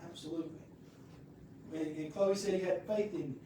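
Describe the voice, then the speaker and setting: A man's voice: high-pitched, brisk, mellow, recorded from a distance, a little hiss or hum. A male pastor, telling a personal story in a folksy, rambling, conversational sermon. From United States. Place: church sanctuary. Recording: very echoey room heard from afar.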